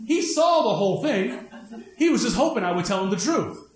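Man, preacher, high voice, animated delivery, echoey room. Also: normal speed, a little hiss or hum. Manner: animated, swings between high emphatic and low asides. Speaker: pastor. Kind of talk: sermon with personal stories.

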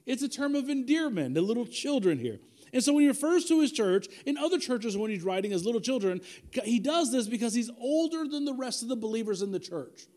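A man in his forties preaching a sermon, talking casually, repeating himself for emphasis, and leading the prayer in a quieter voice. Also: very high voice, very animated, brisk. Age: 40s. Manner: conversational preaching with repetition and asides. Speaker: pastor.

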